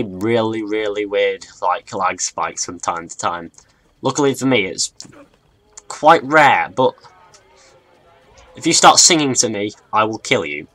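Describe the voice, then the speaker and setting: Young male gaming YouTuber, mixed English accent, rambling and excitable commentary. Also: medium pitch. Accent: mixed northern and southern English. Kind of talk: let's play commentary.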